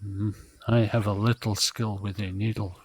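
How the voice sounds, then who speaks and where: A man voicing a terse, stern frontier man who speaks slowly and matter-of-factly. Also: fairly low pitch, slightly rough. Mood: deadpan. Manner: slow, flat and matter-of-fact.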